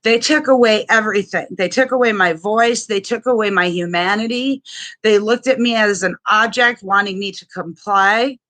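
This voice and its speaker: Blunt, angry woman with a bright voice. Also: medium pitch, normal speed, hardly any pauses. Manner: blunt and profane, with heavy swearing and restarts; indignant and raw. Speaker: vlogger sharing a personal experience. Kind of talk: angry personal testimony vlog.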